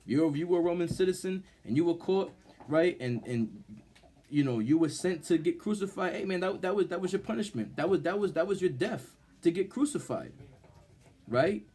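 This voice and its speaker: A man's voice: lively intonation, brisk, slightly rough. A man giving fiery religious teaching in an emphatic style. He keeps asking "right?" and often stumbles and repeats his words. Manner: grows loud and high when heated. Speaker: street-style Bible teacher.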